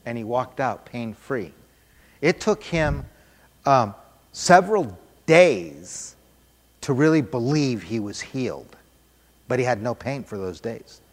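A man preaching a sermon, telling a story with animated, emphatic repetition. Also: medium pitch, slow, pauses often, long reverb tail.

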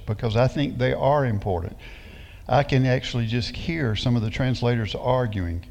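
A man preaching a sermon as pastor, reading scripture slowly and emphatically and putting rhetorical questions to his congregation. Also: mid-range voice, darkish tone, in a large hall.

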